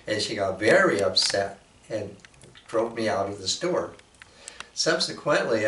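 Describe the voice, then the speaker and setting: Slow, thoughtful man in an echoey room. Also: fairly low pitch, fairly bright tone, a little hiss or hum. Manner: measured, pausing, with frequent fillers. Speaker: speaker presenting a painting. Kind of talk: slow reflective talk. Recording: roomy echo from a distant mic.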